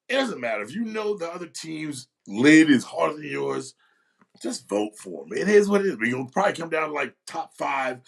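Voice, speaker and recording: A man's voice: on the high side, creaky. A man hosting a youth sports show, talking loosely and with energy, full of slang and repeated phrases for emphasis. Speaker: youth sports league host. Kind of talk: casual monologue with shout-outs.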